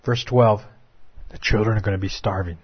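A man delivers a dramatic sermon in a husky voice, dropping to hushed, drawn-out lines before rising to urgent appeals. The recording is dull and lo-fi. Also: on the low side, steady tone. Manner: dramatic preaching, swings from hushed to raised. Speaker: preacher.

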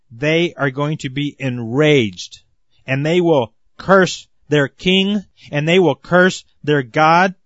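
An earnest male preacher delivering a sermon, pressing his points with emphasis and warm appeals to "my friends." His voice sits somewhat high for a man. The recording is dull and lo-fi, with a dry, close sound. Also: dry recording.

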